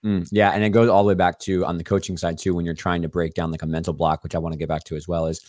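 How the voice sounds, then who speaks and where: A man's voice: low voice, little pitch movement, darkish tone, no echo, studio quality. A man hosting a podcast interview, explaining in a casual way with lots of "like". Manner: quick, explanatory, hedging with "like". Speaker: podcast host.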